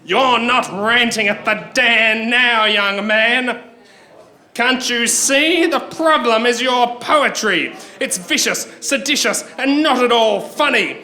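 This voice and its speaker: A man's voice: very high-pitched, slow, pushed and bright, reverberant, exaggerated voice. An Australian man voicing a bullying male security interrogator who barks and scorns. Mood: scornful. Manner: barking, scornful.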